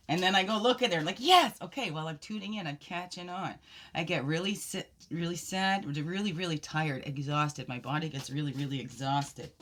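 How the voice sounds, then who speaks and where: Rambling woman reading spirit cards. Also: low-pitched. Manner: rambling, expressive, laughs and sighs often. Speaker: oracle card reader. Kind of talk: casual spiritual card reading.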